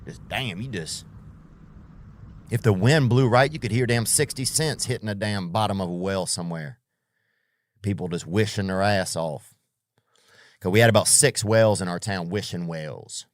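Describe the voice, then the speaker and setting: A man's voice: fairly low pitch, moderate pace, long pauses, no echo, studio quality. A man hosting a podcast with a comedic monologue, rambling, swearing a lot and sounding keyed up. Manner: rambling, profane, riffing. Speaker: podcast host.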